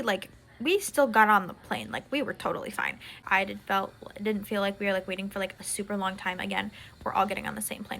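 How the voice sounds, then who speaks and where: A woman's voice: medium pitch, bright, forceful tone. A young woman vlogger telling a casual story about her dad, chatty and exasperated, full of "like" fillers.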